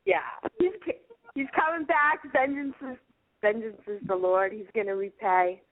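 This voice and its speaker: A woman calls in to a talk radio show and gives short, agreeable answers. Her voice sits a little high. It comes through a tinny phone line with a dry, close sound. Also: animated, normal speed, no room sound. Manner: brief, agreeable replies. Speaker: caller. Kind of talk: phone call-in chat.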